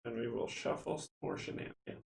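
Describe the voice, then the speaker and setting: A man's voice: medium pitch, huge pitch swings, brisk, vocal fry. A man hosting a card game stream, reading rules aloud and chatting with viewers in a casual, self-mocking way. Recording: roomy echo with faint background noise.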